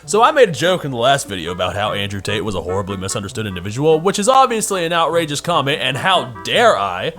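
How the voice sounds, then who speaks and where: A man's voice: mid-range voice, wildly swooping pitch, rapid-fire, few pauses, a bit bright, soft background music. A man hosting a video essay from his room, talking in a sarcastic, opinionated way. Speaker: YouTube host.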